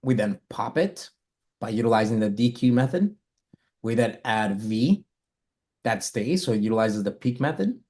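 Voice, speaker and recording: A man's voice: lowish voice, expressive, normal speed, darkish tone. A man teaching a live coding lesson, talking through his code step by step and correcting himself as he goes. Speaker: coding instructor.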